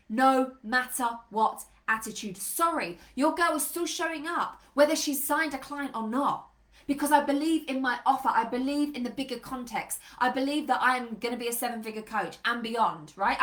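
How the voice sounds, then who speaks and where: A woman business coach giving an energetic, emphatic motivational live talk. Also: fairly high pitch. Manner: energetic, emphatic, says freaking a lot.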